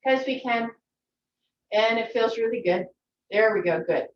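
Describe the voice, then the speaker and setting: Gentle woman yoga teacher on a video call. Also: a little high, measured pace, a little hiss or hum. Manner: gentle, encouraging instructions. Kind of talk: guided yoga class. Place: her home. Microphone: video call from a distance. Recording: echoey, distant, dull video-call audio.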